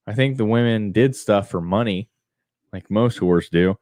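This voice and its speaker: A man's voice: fairly low pitch, normal speed, darkish tone, no room sound, studio quality. A man co-hosting a podcast in casual chat, with blunt, crude joking banter. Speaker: podcast co-host.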